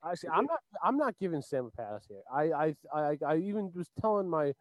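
Lively-voiced man, dry close sound. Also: on the high side, brisk, no echo, dull audio. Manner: blunt, emphatic opinions. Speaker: sports podcast co-host. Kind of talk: casual sports talk.

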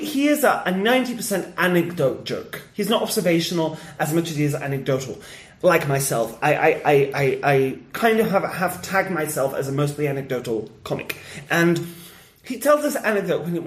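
A man who does stand-up, chatting casually on a podcast and telling stories with lively energy and frequent laughs. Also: fairly high pitch, moderate pace, roomy sound. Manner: animated storyteller, laughs often. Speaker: stand-up comedian.

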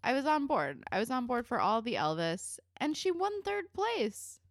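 A woman's voice: fairly high pitch, moderate pace, no echo, clean studio sound. A woman co-hosting a podcast, chatting casually and laughing as she recaps a TV episode. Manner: chatty, animated, swears, laughs while talking. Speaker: podcast co-host.

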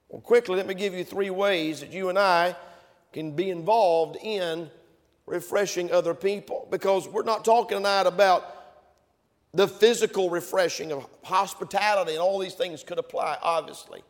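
A high-pitched man preaches from the pulpit of a church. He is emphatic and climbs to fervent peaks. His voice rings out with a long reverb from the sanctuary. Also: moderate pace. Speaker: pastor. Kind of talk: sermon.

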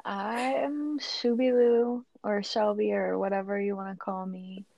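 A woman's voice: medium pitch, fairly even intonation, unhurried, creaky, a little mellow, no echo, dull audio. A young woman co-hosting a casual podcast chat, rambling with lots of fillers. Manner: chatty, uses many fillers. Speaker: podcast co-host.

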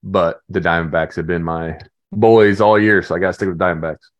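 A man's voice: sits low, steady tone, fairly quick. A man co-hosting a casual podcast, joking and laughing often. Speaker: podcast co-host. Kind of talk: casual chat.

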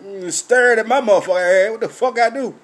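A man's voice: high voice, quick pace. A man chatting on a livestream, tipsy from drinking, talking in a profane, rambling way. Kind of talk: casual livestream chat.

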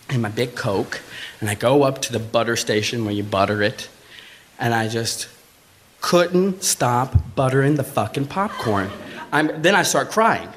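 A man tells a true personal story on a live stage, chatty and full of swearing. His pitch swings widely, and he leaps up high to act out the people he quotes. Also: a little hiss or hum. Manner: animated, acts out quoted voices with big pitch jumps; swearing, conversational, frequent "like".

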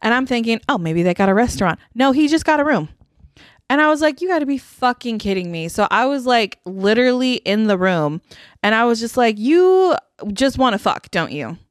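A woman's voice: fairly high pitch, expressive, a little fast, no echo, studio quality. A young woman co-hosting a podcast, telling a story casually and bluntly, swearing a lot and often laughing. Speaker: podcast co-host. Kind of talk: casual chat.

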